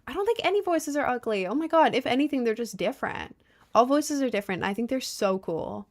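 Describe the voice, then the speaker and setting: A woman's voice: fairly high pitch, expressive, a little fast. A young woman talks to her stream chat in a loose, rambling way, circling back on her words and stacking fillers. Her speech is slangy and emphatic, and she now and then stumbles over a word before pressing on. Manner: rambling, heavy on fillers and repeats; fumbles and stutters over words. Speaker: livestreamer reading chat.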